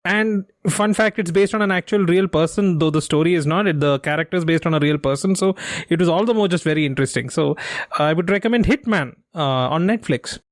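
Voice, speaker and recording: A man running a quiz chat, patiently explaining answers with a teasing streak. His voice sits a little higher than usual and is recorded close and dry. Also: fast talker, no room sound. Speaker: quiz podcast host. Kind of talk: casual chat.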